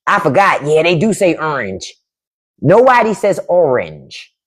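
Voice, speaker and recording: A podcast host runs a casual livestream chat with her viewers, lively and laughing a lot as she imitates how her family talks. Her voice is low and her pace is measured.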